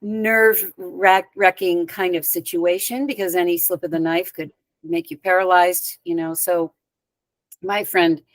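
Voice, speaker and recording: A woman guest in an interview, telling a personal story in a lively conversational way with casual asides. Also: fairly low pitch, measured pace, no room sound. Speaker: spiritual teacher and guest.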